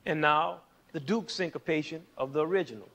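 Host, male: playful music teacher with a slightly high voice who counts beats aloud. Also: a little fast. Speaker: music educator and show host. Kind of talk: scripted music lesson.

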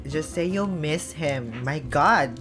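Filipina girl reacting to a drama, taglish, slow and lowish but pitch jumps a lot, music playing behind. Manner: mixes Tagalog and English, laughs and squeals often. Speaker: reaction vlogger.

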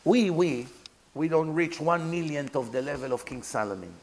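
A man's voice: fairly high pitch, normal speed, slight background noise, low-quality recording. A man, a rabbi giving a Torah lecture, emphatic and full of rhetorical questions, acting out imagined dialogues.

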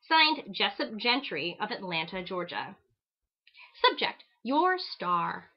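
A woman hosting a show who reads hate mail aloud with a theatrical, mocking, exaggerated delivery. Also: a little high. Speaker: host reading letters aloud. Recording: dull lo-fi recording.

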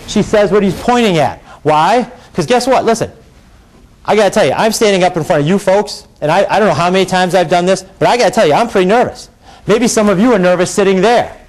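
A middle-aged man, a defense lawyer giving a closing argument in a courtroom, firing rhetorical questions at the jury and swinging between quiet and raised delivery. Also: high-pitched.

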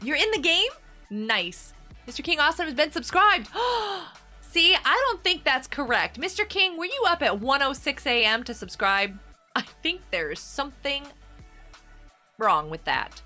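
Woman, game streamer, bubbly, giggly, bright voice, faint background music. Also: sits high. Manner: bubbly, giggly, chatting with viewers. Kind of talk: casual live-stream chatter while gaming.

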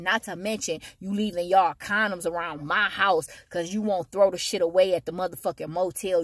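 A woman vlogger ranting at home in a heated, blunt and profane way, at times rising to loud, high-pitched outbursts. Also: no room sound. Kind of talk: ranting monologue to camera.

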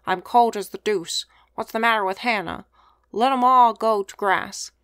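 A woman's voice: a little high, moderate pace, fairly bright tone, clean tone, no echo, clean studio sound, close to an everyday voice. A woman squawking as a rude sullen parrot. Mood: scornful. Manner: screeching, scornful.

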